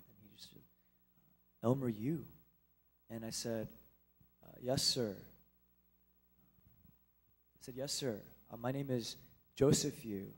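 A young man stands before a church congregation and tells a personal story. His voice sits in a middle pitch range. He speaks haltingly and with feeling, often stopping and starting again. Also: husky, poor audio. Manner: halting, emotional storytelling with many restarts. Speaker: church speaker sharing a testimony. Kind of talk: personal testimony in a sermon.

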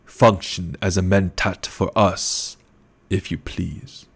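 A man voicing a gluttonous, scheming older male baron who speaks slowly and condescendingly. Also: deep voice, steady tone, breathy edge, heavily acted. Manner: slow, menacing and condescending.

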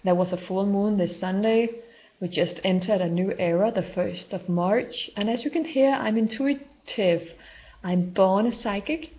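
A woman vlogger speaks unscripted to camera about spiritual healing, her medium-pitched voice unhurried. Her talk rambles and is loosely structured, and the home video has dull lo-fi sound.

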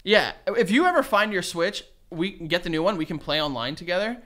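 A man's voice: high voice, brisk. A man co-hosting a casual podcast chat, telling stories with lots of acted-out quotes and laughter. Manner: animated storytelling, acts out quotes, laughs often. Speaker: podcast co-host.

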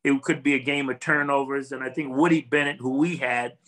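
A man's voice: medium pitch, steady tone, brisk, fairly bright tone, rough recording. An older man, a former football player, talking as a guest in a casual interview, earnest and reflective, rambling with restarts.

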